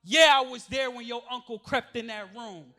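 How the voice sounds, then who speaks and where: A man with an unusually high, bright voice delivers an impassioned testimony to a church gathering. His tone is tense and forceful, and he leans into repeated phrases with a preacher's cadence. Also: normal speed. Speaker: speaker giving a testimony. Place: church gathering before an audience.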